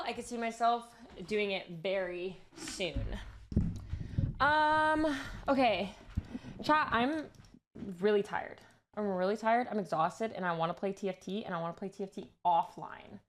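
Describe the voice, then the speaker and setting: A young woman streamer chatting casually and rambling excitedly while she crafts at home. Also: medium pitch, a little slow, a little hiss or hum. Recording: roomy room echo.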